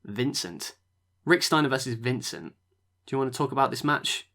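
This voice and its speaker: A man's voice: mid-range voice, lively intonation, moderate pace, sharp tone. A man hosting a podcast, reviewing matches in a rambling casual chat that often trails off. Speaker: podcast host.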